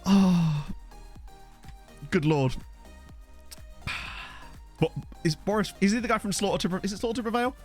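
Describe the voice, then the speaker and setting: A man's voice: high-pitched, expressive, normal speed, long pauses, darkish tone, soft background music. A man doing live-stream commentary on a game, chatty and giggly, swearing freely into a desk microphone. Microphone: desk USB condenser mic.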